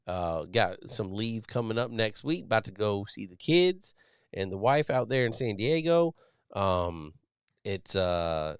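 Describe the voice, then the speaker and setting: A man's voice: lowish voice, smooth, no room sound, clean studio sound. A man in his thirties hosting a casual live show, talking bluntly with lots of swearing and restarts. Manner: blunt, profane, rambling with many restarts. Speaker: podcast host, Navy sailor. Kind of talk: casual live-stream talk.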